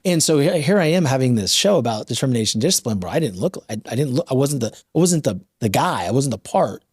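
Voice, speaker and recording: A man in his thirties hosts a podcast with a mid-pitched voice, building emphatic motivational points. The sound is dry and close-miked. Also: expressive, quick pace, slightly rough, dry recording. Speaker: podcast host. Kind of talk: casual interview talk.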